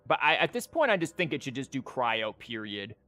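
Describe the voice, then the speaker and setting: With a sing-song, bright and forceful mid-range voice, a man talks fairly quickly during a casual live-stream theorycrafting session. The streamer and teacher rambles, filling his speech with "like" and restarts; there's no echo and faint music in the background.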